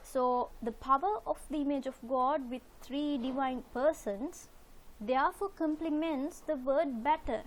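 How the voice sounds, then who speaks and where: A woman's voice: high voice, measured pace. A woman teaching a recorded literature lesson, explaining slides patiently and methodically, repeating key points with frequent fillers.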